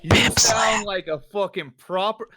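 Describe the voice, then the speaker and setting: A man's voice: high-pitched, a little slow, sharp tone, breathy edge. A man co-hosting a gaming podcast, chatting bluntly and swearing freely. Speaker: podcast co-host. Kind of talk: casual chat.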